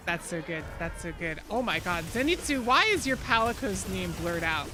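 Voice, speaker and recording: A woman streaming a game, chatting casually and excitably with rambling asides to her viewers. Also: medium pitch, normal speed, faint music behind. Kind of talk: casual live-stream chat while gaming.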